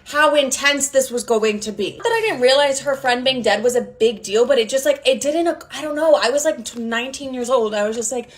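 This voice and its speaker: A woman's voice: high-pitched, lively intonation, a little fast, hardly any pauses. A woman in her twenties telling a profane, chatty story about her family, full of quoted dialogue. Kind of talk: casual storytime.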